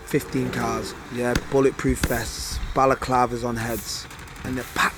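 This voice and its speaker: Mancunian man in his twenties, monotone storyteller with music bed; slang-heavy interview guest. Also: medium pitch. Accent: Manchester English. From Manchester, England. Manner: animated street slang, quick bursts. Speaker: guest, former fighter. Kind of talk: candid storytelling.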